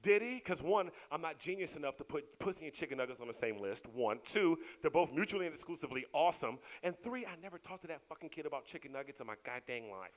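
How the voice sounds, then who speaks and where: A middle-aged man doing a stand-up comedy set, who bursts into loud shouts when he acts out scenes. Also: fairly high pitch, lively intonation, fast, hardly any pauses, slight background noise, low-quality recording.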